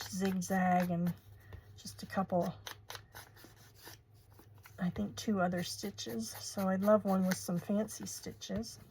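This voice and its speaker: An older woman in her sixties chats unhurriedly as she crafts at home, gushing over pretty materials. Her voice has a gravelly edge, and a faint hiss sits under the recording. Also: medium pitch, darkish tone, poor audio. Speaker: crafting channel host. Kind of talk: casual crafting tutorial chat.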